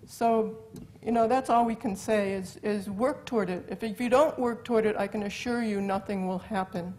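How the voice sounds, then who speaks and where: A woman's voice: mid-range voice, steady tone, normal speed, darkish tone, slight background noise, poor audio. A woman co-presenting at a lecture, answering frankly and directly.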